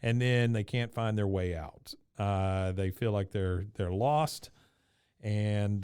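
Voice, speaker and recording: Smooth-voiced man recapping casually. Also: lowish voice, slow, mellow, no echo, studio quality. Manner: retells scenes quoting lines, laughs often. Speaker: podcast co-host. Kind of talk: casual chat recapping an episode.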